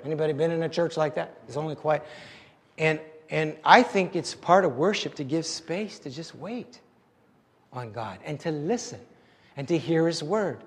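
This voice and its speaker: A male pastor with a notably high voice delivers an animated, conversational sermon full of self-deprecating humor. His words trail off into the long reverb of a big church sanctuary. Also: moderate pace.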